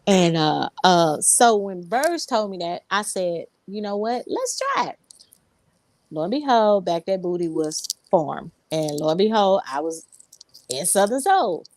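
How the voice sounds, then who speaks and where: A woman's voice: lowish voice, animated, measured pace, a little mellow. A woman singer, a guest in an interview, telling her story in a rambling way, full of ums and restarts. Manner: rambling, many fillers and restarts. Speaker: Southern soul singer, guest.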